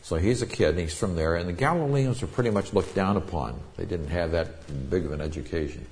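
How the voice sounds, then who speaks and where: A man with a very low, deep voice preaches a sermon. He teaches in a loose, conversational way, stopping to explain Greek words from Scripture. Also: animated, fairly quick, darkish tone, slight background noise. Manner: conversational Bible teaching with Greek word studies. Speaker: pastor.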